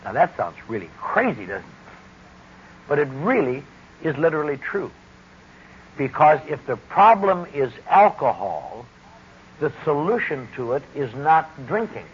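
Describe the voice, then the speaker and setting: Man, middle-aged, deliberate wry testimony talk, muffled lo-fi recording, faint hiss. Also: a little high, very animated. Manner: deliberate, wry, emphatic speaking. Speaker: speaker at a recovery gathering.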